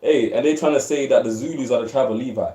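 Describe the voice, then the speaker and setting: A man's voice: medium pitch, quick pace, warm tone. Profane, emphatic man in an echoey room. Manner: profane, emphatic, repeats himself. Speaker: discussion participant. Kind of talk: heated casual religious debate.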